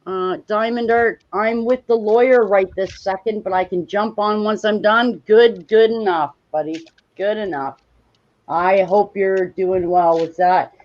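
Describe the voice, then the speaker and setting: A woman's voice: medium pitch, unhurried, a little mellow. A woman from Canada hosting a casual live stream, chatting with guests and reading viewers' comments. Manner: friendly, addresses chat viewers. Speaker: stream host. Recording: dull lo-fi stream audio.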